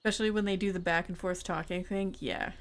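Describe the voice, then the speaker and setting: A woman's voice: fairly low pitch, steady tone, quick pace. A woman streaming a farming game in a casual chat, thinking aloud and answering her chat.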